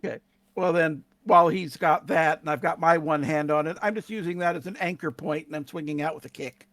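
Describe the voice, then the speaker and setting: Guy with a pretty high voice laying out his moves in a tabletop game, dead dry mic. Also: fairly quick, a bit bright, no room sound. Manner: describes actions in detail, laughs easily. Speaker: player. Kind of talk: in-character tabletop play.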